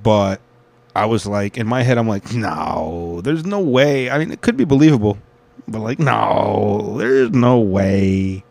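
A man hosting a solo talk show, rambling in a profane, excitable rant and reading an article aloud. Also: on the low side, a little slow, vocal fry, no room sound. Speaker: podcast host.

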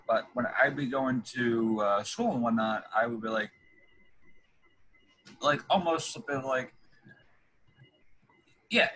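A man's voice: mid-range voice, bright, forceful tone, breathy edge, poor audio. A man hosting an interview, asking long rambling questions full of fillers and restarts. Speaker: podcast host interviewing a guest. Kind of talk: casual interview chat.

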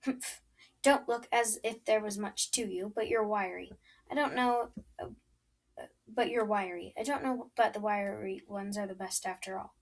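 A woman reading the part of a sharp-eyed, blunt farm wife who talks curtly and demands things. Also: medium pitch, moderate pace, close to an everyday voice. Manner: curt and demanding.

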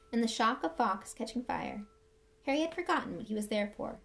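A woman reading a novel aloud with expressive, measured storytelling. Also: fairly high pitch, vocal fry, faint music behind. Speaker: reader.

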